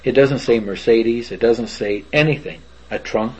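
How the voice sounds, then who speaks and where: A man's voice: medium pitch, moderate pace, a little mellow, breathy edge. An older man giving rambling, detailed first-person testimony about something he witnessed. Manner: rambling, detailed storytelling with fillers. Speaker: eyewitness. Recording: dull lo-fi recording.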